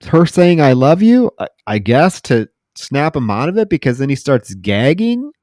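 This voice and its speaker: A man's voice: mid-range voice, big pitch swings, normal speed, a little mellow, no room sound. Casual man retelling a movie scene. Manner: retells scenes acting out lines, filler-heavy. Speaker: podcast co-host. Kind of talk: casual movie recap chat.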